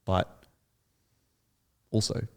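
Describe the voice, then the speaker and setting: A young man draws out his words in a slightly mellow voice as a guest in a podcast interview, earnestly rambling through his story and restarting frequently.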